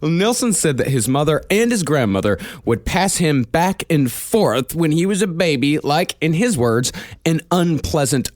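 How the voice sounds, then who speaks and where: Man, lively up-and-down voice, dry close sound, wry profane storyteller. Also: on the high side, normal speed, no echo. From United States. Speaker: podcast co-host, lead researcher. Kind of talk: casual retelling of research.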